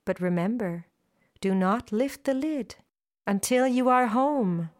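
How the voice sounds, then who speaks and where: A female storyteller voicing an enchanting woodland maiden spirit in a sweet, gentle, beckoning tone. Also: on the high side, expressive, slow. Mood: solemn. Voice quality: sweet, coaxing.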